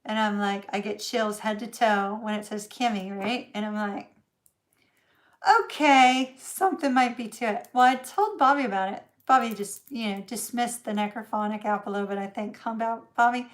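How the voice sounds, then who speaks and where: A woman's voice: medium pitch, steady tone, fairly quick, few pauses. A middle-aged woman, telling a story in a chatty livestream, laughing often and using lots of fillers. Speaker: tarot reader host.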